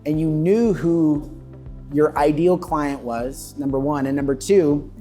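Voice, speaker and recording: A slightly high-pitched man conducts a relaxed interview inside an office, quick with eager affirmations. Soft music sits faintly under his voice. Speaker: host, mortgage loan officer. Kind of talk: casual interview. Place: inside a real estate office.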